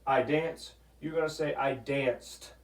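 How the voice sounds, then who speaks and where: A man teaching a Spanish grammar lesson, patient, repeating "okay?" often and sounding out words slowly. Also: mid-range voice, steady tone. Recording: echoey room, voice from a distance.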